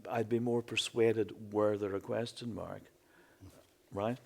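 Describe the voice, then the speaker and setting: A man speaking as a poet on a literary panel, deliberate and measured in his phrasing. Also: lowish voice, fairly even intonation, vocal fry, a little hiss or hum. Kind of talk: panel discussion.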